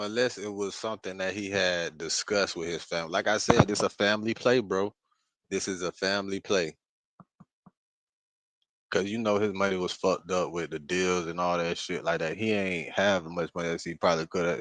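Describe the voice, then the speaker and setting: A man's voice: low-pitched, fairly even intonation, normal speed, a bit bright, no room sound, low-quality recording. A man co-hosting a casual reaction talk, laid-back and slangy, chiming in with agreement.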